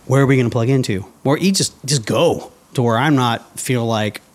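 A man's voice: medium pitch, normal speed. A man in an interview, telling a personal story casually and acting out his own past thoughts. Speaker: interview guest.

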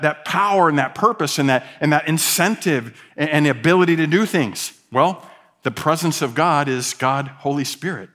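A middle-aged man preaching a sermon as pastor, telling stories with quoted asides in an animated way. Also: fairly high pitch.

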